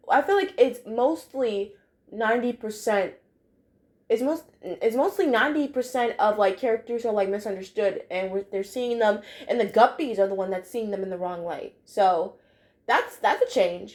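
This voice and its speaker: A woman's voice: on the high side, normal speed, a little mellow. A young woman chatting casually in a review vlog, full of fillers and phrases she repeats. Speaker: cartoon episode reviewer.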